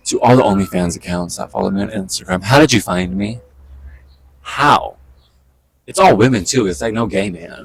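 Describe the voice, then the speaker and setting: A man chatting casually into a handheld camera outdoors in a park, excitable and quick with asides, talking to the birds around him. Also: fairly low pitch, gravelly, no room sound, poor audio. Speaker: vlogger. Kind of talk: casual outdoor vlog chat.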